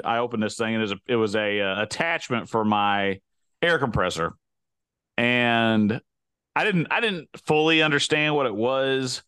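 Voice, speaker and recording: A man's voice: medium pitch, a bit bright, clean tone, no echo. A man co-hosting a casual talk show, telling long rambling stories full of restarts and asides. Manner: rambling, self-interrupting storyteller. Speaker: podcast co-host. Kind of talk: casual chat.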